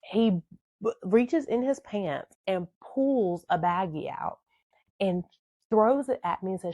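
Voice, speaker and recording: Brief: woman, animated confessional storyteller, close and dry mic. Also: mid-range voice, unhurried, dry recording. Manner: emotional, animated, dramatic. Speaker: podcast host telling her life story. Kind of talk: personal storytelling.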